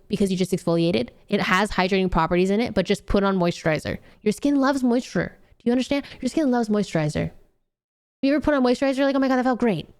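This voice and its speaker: Young woman streamer, smooth clear voice, blunt and sweary, scolds with a grin. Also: mid-range voice. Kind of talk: casual chat with viewers.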